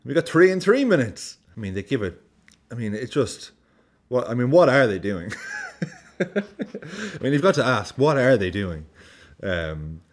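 A man, giving animated, casual football commentary as a vlogger. He swears freely and acts out his reactions. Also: mid-range voice, unhurried, long pauses.

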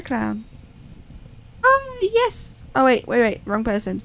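Woman, let's-play chatter, gravelly fry, fairly high voice. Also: wildly swooping pitch, takes it slowly, long pauses, a bit bright. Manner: chatty, reacts aloud while playing. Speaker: gaming channel host. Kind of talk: casual let's-play commentary.

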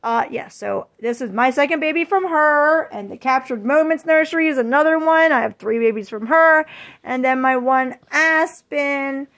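A woman with a high, bright voice talks casually into her phone at home, gushing and filling her talk with ums and apologies. She chats in an easygoing, unpolished vlog manner. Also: moderate pace. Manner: chatty and gushing, frequent fillers and apologies. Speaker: vlogger.

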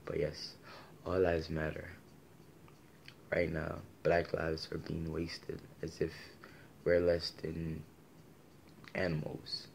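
A man's voice: a bass voice, monotone, slow, vocal fry, pauses often, slight background noise. A man delivering a passionate, argumentative opinion monologue full of rhetorical questions. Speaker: commentator giving his opinion.

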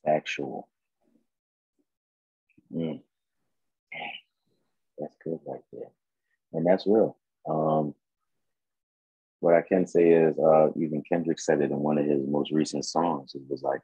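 A man talking as a guest in a casual chat, relaxed and reflective, with plenty of ums. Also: very deep voice, slow pace, pauses often, breathy edge, dry recording. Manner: relaxed, reflective, with many fillers. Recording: dull, dry close recording.

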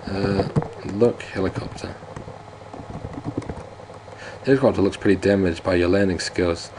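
Low-voiced man giving dry game commentary. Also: steady tone, brisk, background noise. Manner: dry, joking asides. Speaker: let's play host. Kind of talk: let's play commentary.

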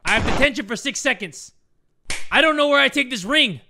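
A man giving excitable let's-play commentary, shouting and swearing at the game. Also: very high voice, brisk, vocal fry, background noise. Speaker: gaming YouTuber.

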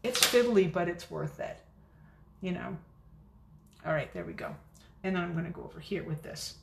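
A chatty woman demonstrating card making in a casual crafting video, talking fast and poking fun at her own forgetfulness. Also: lowish voice, sing-song, creaky, a little hiss or hum. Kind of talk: casual crafting tutorial chat. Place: home craft room. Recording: echoey room.

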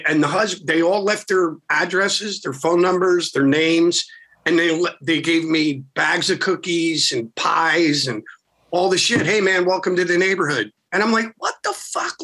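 A man from Philadelphia, a rock singer, telling stories in casual, profane, animated talk as a podcast guest. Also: fairly high pitch. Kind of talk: casual storytelling.

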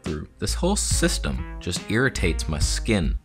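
A man's voice: low-pitched, moderate pace, faint music behind. A man vlogging a sarcastic, exasperated comedy rant about a camera.

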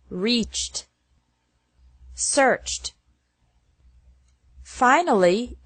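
A woman reading an English lesson, pronouncing verb lists slowly one word at a time. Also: mid-range voice, no echo. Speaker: English teacher. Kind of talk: slow scripted lesson narration.

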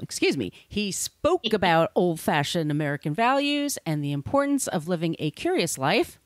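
A woman's voice: fairly low pitch, sing-song, moderate pace, few pauses, dry recording. Chatty woman podcast host, dry sound. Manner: chatty, irreverent, swears casually. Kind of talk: casual podcast chat.

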